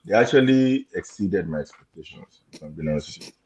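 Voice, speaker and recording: A man's voice: low voice, lively intonation, brisk, a little mellow, husky, low-quality recording. A man from Nigeria chatting casually on an online call from home at night. He hesitates with lots of fillers and restarts and keeps his voice down. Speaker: panelist. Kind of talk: casual chat.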